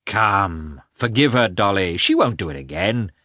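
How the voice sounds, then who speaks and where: A man's voice: on the low side, very animated, measured pace, pushed and bright, no echo, studio quality, heavily acted. A man voicing an earnest, gloomy young landowner in a storybook reading. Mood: resolute.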